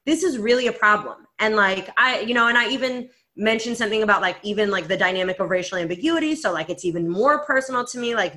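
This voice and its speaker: A woman podcast co-host telling a story in casual chat, animated and full of "like" fillers, acting out the voices she quotes. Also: mid-range voice.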